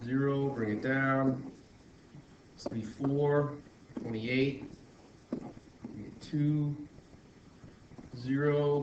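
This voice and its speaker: Working through a screen-recorded lesson step by step, a math teacher with a medium-pitched voice frequently restarts and corrects himself. The sound is lo-fi, with a roomy echo and faint background noise.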